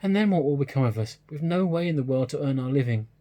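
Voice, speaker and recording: A man reading aloud and voicing a sweet, anxious young woman who pleads and teases softly. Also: wildly swooping pitch, brisk, slightly rough, exaggerated voice. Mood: pleading. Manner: soft, pleading and raised in pitch.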